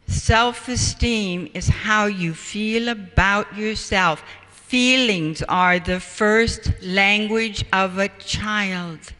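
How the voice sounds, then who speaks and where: A man's voice: high voice, takes it slowly, bright, forceful tone. A man giving a public talk on parenting. He tells stories animatedly and acts out the quotes. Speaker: parenting speaker. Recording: echoey hall from far off, faint noise.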